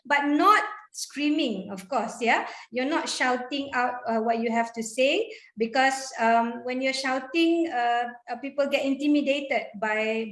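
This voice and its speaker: Woman, high voice, energetic chatty explainer, roomy echo. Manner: energetic, chatty, demonstrates intonation with examples. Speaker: guest speaker on public speaking. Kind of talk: online panel talk.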